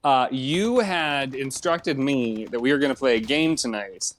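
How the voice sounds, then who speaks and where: A man co-hosting a casual podcast, talking in a relaxed way with halting restarts. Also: mid-range voice. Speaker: podcast co-host. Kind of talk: casual banter among friends.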